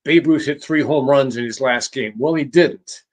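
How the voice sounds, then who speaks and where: Measured male guest, halting storyteller. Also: medium pitch. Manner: measured, halting with frequent restarts. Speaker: author and guest. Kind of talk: conversational storytelling.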